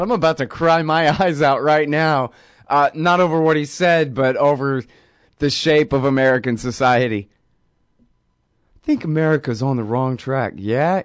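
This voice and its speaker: A man's voice: fairly high pitch, moderate pace, smooth, dry recording, clean studio sound. A man hosting a show, ranting sarcastically about politics in a rambling, mocking way. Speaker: host. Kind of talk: casual political rant.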